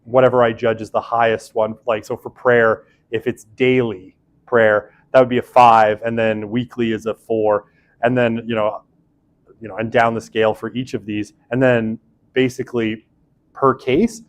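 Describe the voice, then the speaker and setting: A university lecturer gives a casual classroom lecture, chatting loosely, packing his sentences with fillers and asides, and poking fun at himself as he explains. His voice is medium-pitched and flat, at a normal speed.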